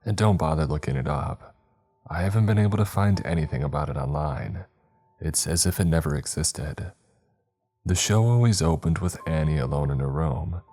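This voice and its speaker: A man narrating a first-person horror story in a slow, deliberate storytelling manner. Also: very deep voice. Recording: soft music bed.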